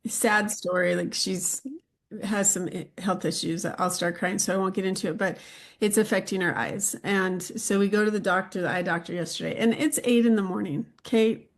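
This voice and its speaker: Middle-aged woman podcast host, mid-range voice, relaxed rambling storyteller. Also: medium pitch, normal speed. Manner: relaxed, rambling anecdotes with laughs. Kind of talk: casual chat.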